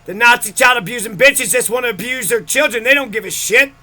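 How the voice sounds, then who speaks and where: Angry vlogger, male, high and bright voice, bitter and profane, rants straight to camera. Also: fairly quick. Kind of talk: angry personal rant.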